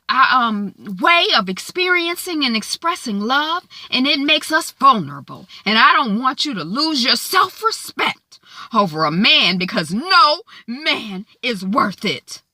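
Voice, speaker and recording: A woman chats her way through an episode recap, voice bright and fairly high, leaping around as she plays each character. The sound is dry and close, with no room around it. She keeps it loose and gossipy. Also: measured pace, no echo. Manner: animated, acts out characters' lines with big pitch jumps. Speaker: TV recap host.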